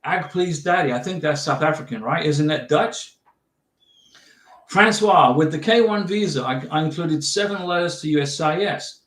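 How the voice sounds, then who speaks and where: Male livestream host. Chatty and emphatic, slightly higher voice, echoey room, set back from the mic. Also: expressive, normal speed, a bit bright. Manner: chatty, emphatic, reads viewer comments aloud. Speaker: livestream host answering viewer questions. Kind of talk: casual livestream advice. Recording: roomy sound, somewhat far from mic.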